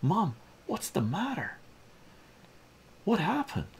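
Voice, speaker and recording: A man's voice: high voice, huge pitch swings, slow, a little hiss or hum, voice pushed up, exaggerated voice. Man doing a bewildered, raised-voiced young hero.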